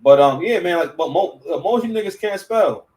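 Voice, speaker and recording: A man's voice: high voice, brisk, recorded from a distance, low-quality recording. A man giving casual reaction commentary, stammering and restarting, full of slang. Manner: stammering, slang-heavy, animated.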